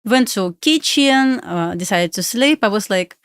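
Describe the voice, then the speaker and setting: A young woman with a Russian accent chats on a live trading stream, pleading with the chart and laughing often. Her medium-pitched voice is expressive and a little slow, with a clean tone in a clean studio recording with no echo.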